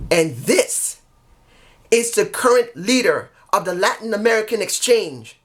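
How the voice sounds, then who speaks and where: A man voicing a calm, firm male wrestling veteran who leads his group. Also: high-pitched, unhurried, voice pushed up, full character voice.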